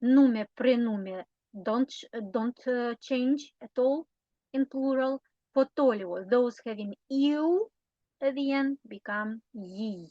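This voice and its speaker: A woman with a Romanian accent and a fairly high voice teaches a grammar lesson slowly and patiently, often checking in with short tag questions. The recording is dry, with the high frequencies cut off.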